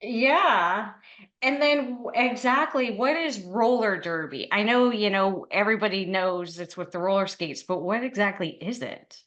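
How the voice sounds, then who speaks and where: A woman's voice: mid-range voice, measured pace, fairly bright tone, lo-fi sound. A woman hosting a podcast, asking questions in an enthusiastic, exclamatory way. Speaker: podcast host. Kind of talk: casual interview chat.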